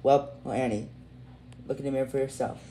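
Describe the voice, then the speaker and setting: A man's voice: mid-range voice, steady tone, fairly quick, mellow, reverberant, slight background noise, close to an everyday voice, poor audio. A man voicing a mischievous, scheming princess with a magic wand in a homemade fan story, talking her plans through aloud. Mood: smug. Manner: gleeful, plotting aloud.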